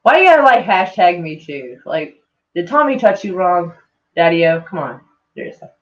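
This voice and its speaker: A woman's voice: fairly low pitch, very animated, normal speed. A woman streamer chatting casually with her viewers in a rambling, self-mocking way, swearing freely. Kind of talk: casual livestream chat. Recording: dull lo-fi sound.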